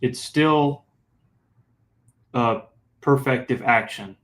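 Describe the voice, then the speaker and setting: A male student with a middle-pitched voice works through a question out loud. He hesitates, repeats words and circles back as he tries to pin down his confusion. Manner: halting, thinking aloud while asking. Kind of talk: classroom question.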